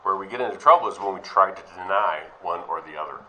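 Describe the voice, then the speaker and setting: A man's voice: low voice, quick pace, pushed and bright, slight background noise, low-quality recording. A man teaching a sermon, reading Bible passages aloud and then questioning and explaining them.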